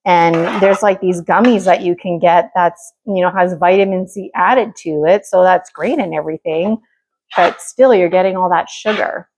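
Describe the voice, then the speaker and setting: A woman's voice: fairly low pitch, moderate pace, a little mellow, a little hiss or hum. A middle-aged woman hosting her own home cooking vlog, talking in a rambling, chatty way with many fillers while she cooks. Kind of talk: casual cooking chat.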